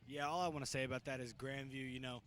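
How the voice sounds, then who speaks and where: A man commentating a school football game outdoors, blunt and openly indignant. His voice is bright and tense, with faint outdoor noise behind it. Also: mid-range voice, fairly even intonation, fast talker. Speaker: color commentator.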